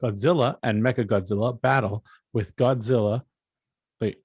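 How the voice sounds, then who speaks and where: A man's voice: medium pitch, fairly even intonation, normal speed, darkish tone, slightly rough. Chill guy on a podcast reading out a movie plot, dry room, no echo. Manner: laid-back, reads plot summary aloud, dry jokes. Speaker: podcast co-host. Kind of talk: casual chat.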